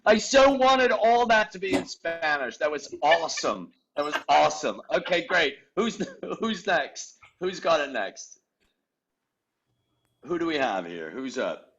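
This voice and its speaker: A man's voice: fairly high pitch, very animated, measured pace, creaky, a bit bright, lo-fi sound. A man directing an improv class, upbeat and encouraging, with many fillers like uh and um, on a video call. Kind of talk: coaching an online class.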